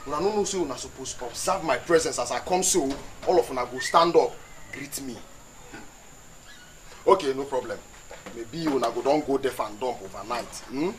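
An actor playing a bossy gang tough in a Nollywood film, scolding in a Nigerian Pidgin accent. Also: male voice, mid-range voice, moderate pace, lightly acted. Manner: scolding, commanding. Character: bossy male gang tough, demanding respect. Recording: film scene with noisy crowd.

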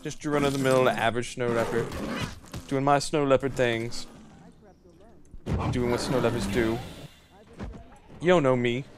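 A man giving casual let's play commentary, excitable and joking, swearing and laughing at the game. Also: medium pitch, measured pace, pauses often, noisy background. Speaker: gamer. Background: game music.

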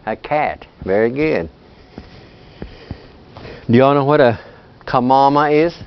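A man teaching a language class, talking in a relaxed, chatty way and laughing often. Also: medium pitch, takes it slowly, clear, resonant tone, dull audio. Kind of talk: classroom lesson.

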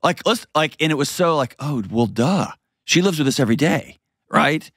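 A man hosting a call-in advice show, talking in an animated way with quick asides and restarts. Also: fairly high pitch, no echo, studio quality. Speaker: host giving advice.

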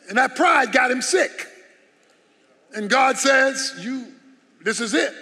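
A man's voice: extremely high pitch, gravelly, fairly bright tone. A man preaching a sermon as pastor, emphatic and full of rhetorical questions. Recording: long hall reverb.

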